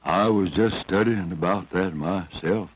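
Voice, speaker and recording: A man voicing a slow, sensible old hound dog in a low drawl, from an old film soundtrack. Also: no room sound. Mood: agreeable. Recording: dull old film soundtrack, faint music.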